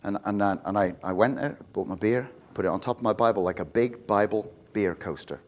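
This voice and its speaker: A pastor delivering a sermon in a church, in an animated, unscripted way. He gets loud and climbs high to stress a point, then drops to a low, quiet storytelling tone. He often repeats and restarts his words. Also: brisk, a little hiss or hum. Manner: animated, loud and rising on emphasis, with many restarts.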